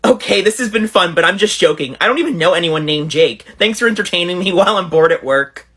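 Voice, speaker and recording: A woman reading aloud both sides of a text message exchange in a deadpan way. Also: lowish voice, fast, few pauses, husky.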